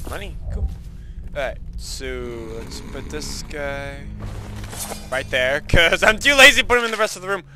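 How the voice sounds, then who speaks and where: A man commentating his own gameplay, excitable, swearing and muttering to himself. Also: a little high, normal speed, over music. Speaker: let's play host.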